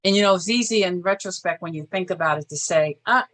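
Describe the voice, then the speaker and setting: Bright-voiced older woman, earnest guest. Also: on the low side. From Boston area. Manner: earnest, measured, speaks in short restarts. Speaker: interview guest, former state senator. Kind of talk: reflective interview talk.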